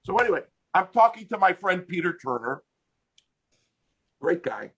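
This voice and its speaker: An older American man with a husky, slightly raised voice tells a story on a video call. His pitch leaps around as he laughs and builds the joke, casual and animated throughout. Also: normal speed. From United States. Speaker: interview guest, hypnotist.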